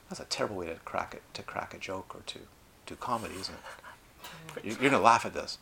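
Animated man giving a dharma talk. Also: fairly low pitch, a little fast, gravelly, a little hiss or hum. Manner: animated, acts out quoted voices, lively asides. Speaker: meditation teacher.

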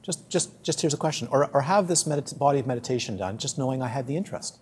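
A man with a husky, slightly rough voice gives a dharma talk to a live group. He speaks at a mid pitch in a loose storytelling manner and often circles back on his own words. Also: fast talker. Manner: storytelling, chatty, repeats and restarts. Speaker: dharma teacher.

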